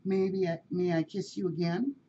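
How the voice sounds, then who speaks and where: A woman's voice: lowish voice, steady tone, normal speed, mellow, highs cut off, a little hiss or hum, lightly acted. A woman voicing a courteous male shelter cat who speaks in a formal, polite way. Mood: courtly.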